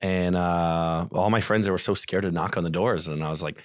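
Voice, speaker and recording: Deep-voiced Midwestern man telling stories. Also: normal speed, dry recording, studio quality. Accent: American Midwest. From St. Louis area, USA. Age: 30s. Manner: chatty storyteller, animated, acts out quotes. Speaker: podcast guest, real estate investor. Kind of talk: casual podcast interview.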